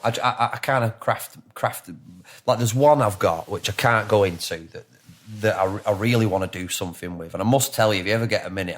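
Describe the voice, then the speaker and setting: A man in his thirties with a Lancashire accent, a guest chatting in a podcast interview, rambling and swearing with many restarts. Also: lowish voice. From England. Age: 30s.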